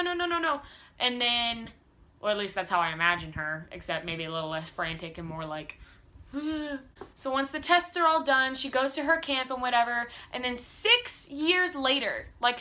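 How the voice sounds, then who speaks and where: A young woman casually reviewing a book from her room, gushing and rambling with lots of "like" and quick restarts. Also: fairly high pitch, pushed and bright. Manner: bubbly, gushing, filler-heavy with lots of "like".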